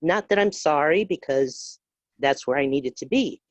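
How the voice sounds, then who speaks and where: A middle-aged woman on a group call sharing a personal story, earnest and emotional, halting with fillers. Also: deep voice, animated, no room sound. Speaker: call participant. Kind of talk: personal testimony.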